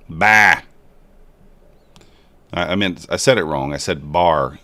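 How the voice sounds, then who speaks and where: A man casually commenting live while trading and chatting with viewers in a relaxed, joking way. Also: sits low, takes it slowly, long pauses, no echo. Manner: relaxed, chatty, jokes with chat. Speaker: livestream trader.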